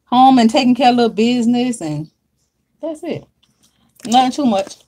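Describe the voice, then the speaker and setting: A woman's voice: a little high, animated, moderate pace, dark tone. Chatty woman greeting viewers. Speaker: livestream host greeting viewers. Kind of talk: casual livestream chat. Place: home, at her makeup desk.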